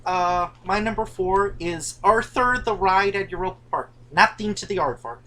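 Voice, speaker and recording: A woman's voice: mid-range voice, normal speed, a bit bright. A woman co-hosting a casual chat about theme park rides, teasing and chatty, recorded indoors. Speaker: co-host of a coaster channel. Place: indoors, dim room at home.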